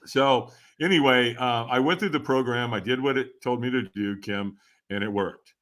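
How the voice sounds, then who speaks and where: A middle-aged man, a podcast guest, telling animated stories with frequent laughs and acted-out dialogue. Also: medium pitch, moderate pace. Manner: animated storyteller, laughs often, acts out quoted dialogue. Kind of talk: storytelling interview.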